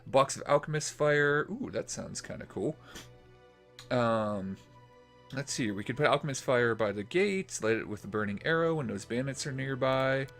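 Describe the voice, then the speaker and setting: Guy doing casual let's play commentary, mid pitch, rambly with lots of ums, faint music behind. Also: fairly bright tone. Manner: casual, rambling with fillers and restarts. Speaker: gaming channel host.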